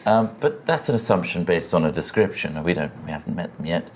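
A man playing a tabletop game, weighing options in a measured, thoughtful way. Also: sits low, expressive, slight background noise. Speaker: player.

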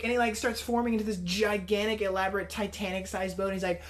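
A woman's voice: mid-range voice, little pitch movement, racing, few pauses, noisy background. Laid-back woman podcast co-host. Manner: laid-back, laughs often, says "man" and "dude". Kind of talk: casual chat.

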